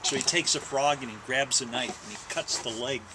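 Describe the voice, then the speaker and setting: A father telling a long joke at home in an unhurried way, now and then slipping and correcting himself, filmed on a handheld camcorder. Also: mid-range voice, background noise. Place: family home. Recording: home video, baby crying loudly.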